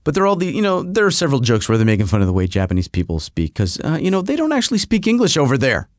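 Podcast host, man, slightly high voice, animated and rambling, casual monologue. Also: racing, no echo, clean studio sound. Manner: animated, rambling storyteller with self-interruptions.

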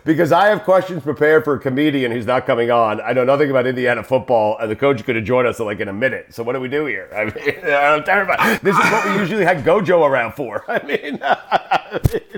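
Loud joking podcast host, a man. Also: mid-range voice, animated, fast, few pauses, slight background noise. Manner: loud, joking, laughs often. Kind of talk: casual podcast banter.

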